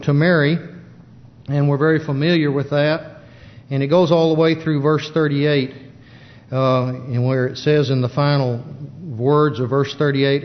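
Guy preaching bible study, slightly high voice, lots of ums, dull lo-fi church recording w/ long echo. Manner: halting, plain-spoken Bible teaching with many fillers. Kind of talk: sermon.

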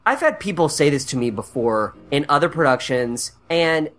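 A man's voice: on the high side, moderate pace. A man co-hosting a comedic podcast, ranting with lots of swearing and frequent laughter. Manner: profane, animated, laughing often. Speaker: podcast co-host. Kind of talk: casual comedic podcast rant.

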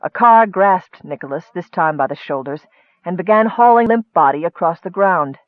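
A man narrates a fantasy story in steady, expressive storytelling. His voice is high for a man. The recording is dry, close and slightly dull. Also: normal speed, dry recording. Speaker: audiobook narrator.

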